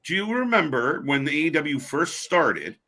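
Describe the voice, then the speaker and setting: A man's voice: a little high, big pitch swings, normal speed, bright, forceful tone. A man co-hosting a casual live wrestling commentary stream, blunt and opinionated, swearing now and then. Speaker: co-host.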